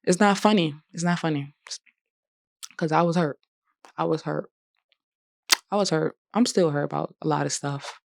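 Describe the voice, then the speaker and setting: This young woman vlogs about healing and forgiveness in an emotional, conversational reflection punctuated by laughter. Her low, gravelly, darkish voice keeps a moderate pace with long pauses, captured in clean studio sound without echo.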